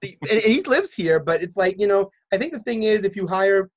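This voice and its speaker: A man's voice: sits high, animated, a little fast. A man hosting a casual podcast chat, rambling with restarts and jokey side notes. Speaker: podcast host.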